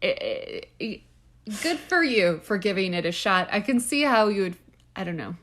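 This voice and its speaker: A woman co-hosting a casual podcast, reading aloud with playful, drawn-out comic emphasis. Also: medium pitch, sing-song, fairly bright tone. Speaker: podcast co-host.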